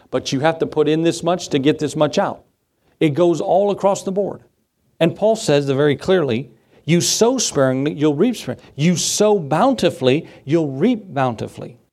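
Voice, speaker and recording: A man's voice: mid-range voice, a little mellow. A male pastor preaching a sermon conversationally, repeating key phrases for emphasis and adding humorous asides.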